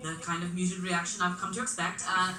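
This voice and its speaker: This Belfast comedian, with a middle-class accent from that Northern Irish city, does a live stand-up set on a club stage, picked up from far off in an echoey room with crowd noise. Her voice is lowish, monotone and a little fast, her humor wry and self-deprecating, delivered with punch.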